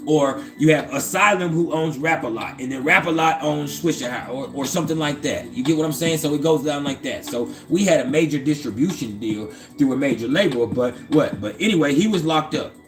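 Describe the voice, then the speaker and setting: A man's voice: on the high side, a little fast, few pauses, soft background music. A man hosting an astrology channel, casually telling a personal story in a profane, streetwise, conversational way.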